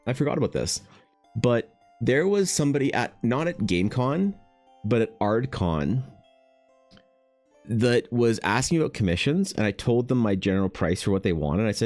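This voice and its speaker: Lively, rambling Canadian man. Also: mid-range voice, normal speed, faint music behind. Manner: rambling, swears a lot, laughs often, talks to chat. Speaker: artist streaming while drawing. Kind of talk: casual live-stream chat.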